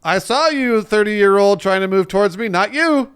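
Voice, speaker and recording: A man voicing a mocking old wand-shop keeper who taunts people with slow, snide put-downs. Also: sits high, animated, a bit bright, clear, resonant tone, pitched above the performer's own voice.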